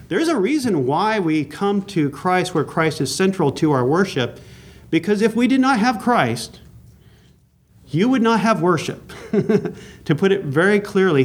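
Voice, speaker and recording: A man teaching a Bible class from an outline, earnest and emphatic, slowing down to stress key points. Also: fairly high pitch, darkish tone. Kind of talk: sermon-style Bible teaching.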